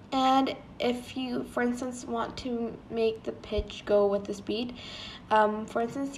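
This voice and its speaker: A woman's voice: medium pitch, a little hiss or hum. A woman hosting a casual app tutorial, chatty and prone to correcting herself mid-sentence. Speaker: tutorial channel host.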